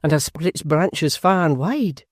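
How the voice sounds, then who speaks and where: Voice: mid-range voice, lively intonation, a little slow, no room sound, clean studio sound. An audiobook narrator voicing a zealous nobleman who speaks grandly and with self-satisfaction. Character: zealous lordly political leader.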